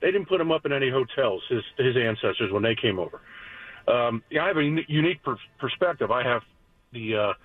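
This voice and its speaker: A man's voice: mid-range voice, expressive, quick pace, no room sound. A man calling in to a radio show, talking earnestly with stumbling restarts, heard over a phone line. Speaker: caller. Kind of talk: call-in talk.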